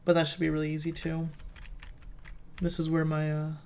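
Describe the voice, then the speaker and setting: A man talks through his game in a loose, rambling let's play commentary, thinking out loud as he goes. His voice sits flat with little rise and fall, and a gravelly fry runs under it. Faint noise hums behind him at the desk mic. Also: fairly high pitch, normal speed. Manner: rambling, thinking aloud as he plays. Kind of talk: casual gameplay commentary.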